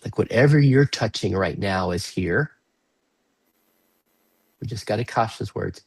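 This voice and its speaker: A man with a low, slightly husky voice guides a small group through a reflective exercise over a video call. He speaks slowly and gently, asking open questions. The sound is dry and close. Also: lively intonation, no echo, poor audio. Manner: slow, gentle, inviting questions with playful bursts. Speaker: workshop facilitator. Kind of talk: guided reflective workshop talk.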